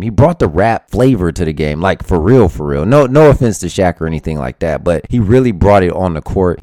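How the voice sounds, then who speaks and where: A man hosting a podcast, giving casual, animated commentary with chuckles and repeated words. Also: lowish voice, no echo, clean studio sound. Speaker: podcast host. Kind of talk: casual sports and music commentary.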